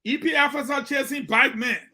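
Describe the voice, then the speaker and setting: A man's voice: very high-pitched, fairly even intonation, brisk, pushed and bright. A man with a Liberian English accent giving emphatic commentary on a call-in radio show, repeating his points for weight.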